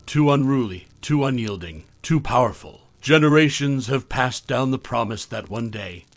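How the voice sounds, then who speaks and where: A man's voice: mid-range voice, lively intonation, moderate pace, no echo, natural voice. A man doing a cold fanatical old grandfather. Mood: solemn. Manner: detached, solemn proclamation. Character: fanatical elderly grandfather, cold cult zealot.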